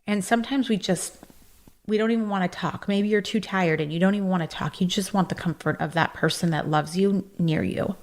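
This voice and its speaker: Lowish-voiced woman on a self-help podcast, earnest and encouraging, lots of fillers. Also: a little fast. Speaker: podcast host.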